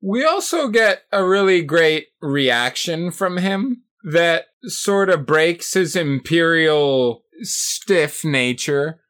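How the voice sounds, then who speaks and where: A co-host of a casual film discussion podcast, speaking in a measured, amused way. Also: mid-range voice, expressive, fairly bright tone.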